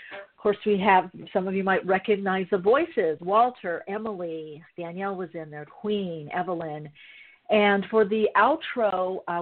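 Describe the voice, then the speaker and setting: A woman hosts her podcast in a gushing, chatty style, piling on praise between ums and uhs. Her voice sits a little low. It comes through a thin, phone-like line. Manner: effusive, gushing, many fillers. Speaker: podcast host. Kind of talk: casual podcast talk.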